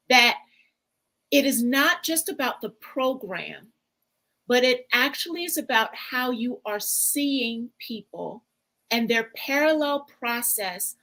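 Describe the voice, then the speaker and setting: A woman guest speaker and relational coach giving a measured, explanatory interview answer. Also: high voice, a bit bright, poor audio.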